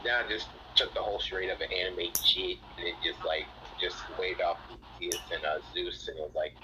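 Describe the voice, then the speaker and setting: A man casually telling a role-play story in an animated, rambling way. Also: low voice, fairly quick. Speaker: storyteller in a what-if collab. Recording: dull lo-fi mic, faint hiss.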